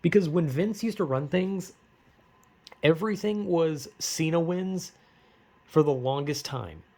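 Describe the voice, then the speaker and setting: A man's voice: fairly high pitch, measured pace, warm tone. A man ranting casually and rambling with lots of fillers, getting frustrated and swearing often. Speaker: wrestling fan vlogger. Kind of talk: casual rant.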